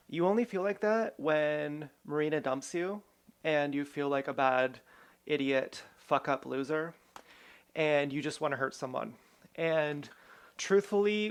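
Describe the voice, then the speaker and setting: A man with a slightly higher than average, gravelly voice holds forth in a rambling vlog monologue. He jumps from one grievance to the next, swearing freely and irreverently, with a rough fry in his tone. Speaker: vlogger.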